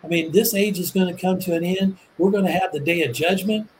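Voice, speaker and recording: A man explaining Bible prophecy in a relaxed conversation, earnest and enthusiastic, often restarting and repeating words. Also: high voice, brisk, a little hiss or hum, rough recording. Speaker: Bible teacher. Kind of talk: casual religious discussion.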